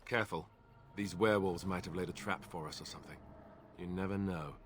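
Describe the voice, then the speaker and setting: A man's voice: deep voice, a little fast, a little hiss or hum, natural voice. A man voicing a cautious male companion in a fantasy game. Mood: wary.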